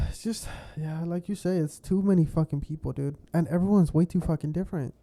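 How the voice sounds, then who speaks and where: Casual swearing young man, mellow voice. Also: a little high, moderate pace. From California. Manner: rambling, swears a lot, laughs often. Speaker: podcast co-host. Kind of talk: casual chat.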